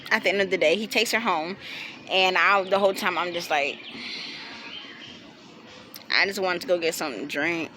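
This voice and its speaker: A young woman, casually telling a storytime with animated quotes and bursts of laughter. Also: fairly low pitch, background noise. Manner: animated, laughing, quoting friends in quick bursts. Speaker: vlogger.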